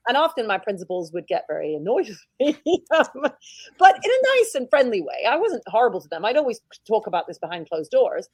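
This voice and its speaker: Outspoken British woman, higher voice. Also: brisk, no echo. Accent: British English. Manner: outspoken, animated storytelling with laughs. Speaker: interview guest, head teacher. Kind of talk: casual interview conversation.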